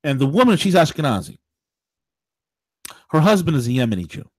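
A man hosting a political talk radio show, ranting in an animated way, with mock voices and laughter. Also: on the high side, fairly quick, dry recording.

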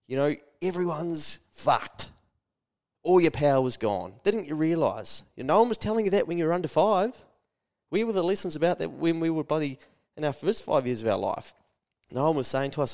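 A man hosting a motivational solo podcast, energetic and blunt, swearing freely and mimicking naysayers in a higher voice. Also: normal speed. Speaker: podcast host.

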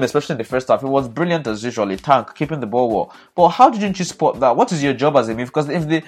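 A man giving animated football match analysis, exasperated and emphatic, often repeating himself for effect. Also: a little high. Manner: exasperated, repetitive, emphatic ranting. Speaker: football pundit.

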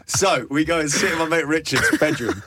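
A man's voice: on the high side, fairly quick, heavy background noise. A young man, a radio presenter and podcast guest, telling a story with lots of laughter and acted-out voices. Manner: animated storyteller, acts out voices, laughs often. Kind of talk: casual storytelling chat.

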